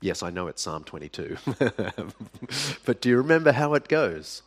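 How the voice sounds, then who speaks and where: A man preaching a sermon, speaking deliberately with dramatic pauses and sudden drops to a hush. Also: medium pitch, sing-song, slightly rough. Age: adult. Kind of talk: sermon to a live audience.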